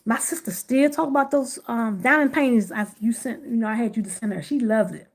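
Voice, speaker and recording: A woman's voice: on the high side, fairly quick. A middle-aged woman chatting casually on a live stream, greeting viewers by name while she works on gift baskets indoors.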